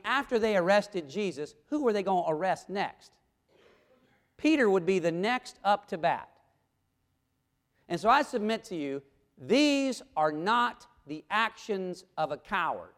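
A man preaching a sermon, asking the congregation questions and reading scripture aloud. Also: high-pitched. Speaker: pastor.

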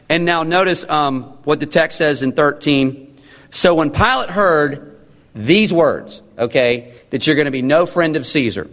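A man's voice: a little high, unhurried, fairly bright tone, in a large hall. A man preaching a sermon, emphatic and full of rhetorical questions. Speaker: pastor.

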